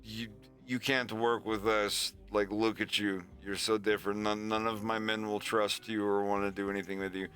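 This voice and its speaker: Older crime boss, put on by a man, brusque, bright tone, talks down. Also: lowish voice, flat delivery, moderate pace, hardly any pauses, faint music behind, natural voice. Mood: dismissive. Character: Polish crime boss father, gruff, dismissive.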